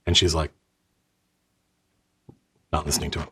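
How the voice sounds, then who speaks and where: A man acting as game master, narrating a tabletop game with animated, self-correcting storytelling. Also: very deep voice, moderate pace, husky.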